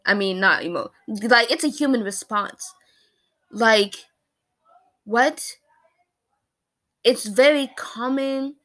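A woman's voice: fairly high pitch, takes it slowly, long pauses, fairly bright tone. A woman in her early twenties talking casually about a personal loss, rambling and emotional, with many fillers and restarts. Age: early 20s. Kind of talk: casual personal talk to camera.

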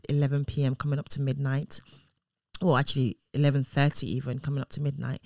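A woman's voice: very deep voice, quick pace, creaky, no room sound, clean studio sound. A woman, a mother in her thirties, telling a personal story in a casual way, acting out what people said and often restarting her sentences. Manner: animated, acts out quoted voices, restarts often.

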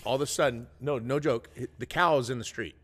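A man's voice: medium pitch, fast, breathy edge. A middle-aged man from the United States, co-hosting a casual podcast chat and telling stories, acting out the people in them. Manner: animated storyteller who acts out the people in his stories. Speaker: podcast co-host.

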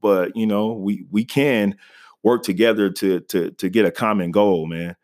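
A man's voice: fairly low pitch, fairly even intonation, unhurried, darkish tone. Laid-back man talking on his podcast. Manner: loose, conversational, frequent "man" and "you know". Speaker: podcast host. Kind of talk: casual solo podcast talk. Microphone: home podcast mic.

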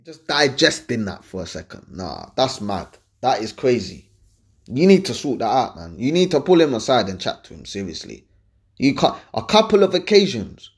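A young man, talking casually and bluntly as he answers relationship questions. His voice sits in an ordinary middle pitch, and his delivery is animated and full of street slang. He hammers his points home by repeating them. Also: moderate pace. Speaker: advice-giving host. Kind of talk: casual advice talk.

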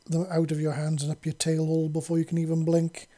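A joking young male alien soldier, easygoing and quick with a quip, as a narrator puts him on. The tone stays soft and a little husky. It belongs to a fan-read story. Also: medium pitch, monotone, close to an everyday voice. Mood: playful. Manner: joking, light-hearted.

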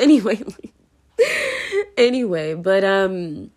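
A woman's voice: medium pitch, lively intonation, normal speed, a little mellow. A young adult woman hosting a casual podcast monologue, rambling and filler-heavy, laughing often while moving around indoors. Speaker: podcast host.

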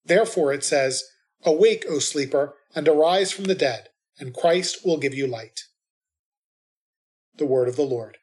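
A man reading the responsorial psalm and scripture readings at Mass in a measured, steady way. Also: fairly high pitch.

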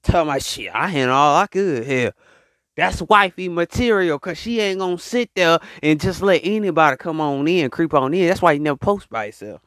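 A man hosting a solo podcast, talking in an animated, preachy way and calling out to his listeners. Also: fairly high pitch, moderate pace, no echo, studio quality. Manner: animated, preachy, call-and-response asides to listeners. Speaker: podcast host. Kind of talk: casual solo podcast monologue.

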